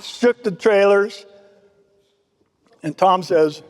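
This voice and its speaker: A man speaks at a recovery meeting and tells his story in a casual, loose way, slipping into the voices of the people he quotes. His voice sits high for a man. The sound carries a long reverb, as if from a large hall. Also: fairly even intonation, normal speed, heavy background noise. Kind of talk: personal testimony.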